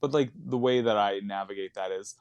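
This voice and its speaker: A man's voice: fairly low pitch, brisk, a little mellow, smooth, no echo, dull audio. A man, a stand-up comedian chatting as a podcast guest, rambling into tangents and laughing often. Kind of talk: casual podcast chat.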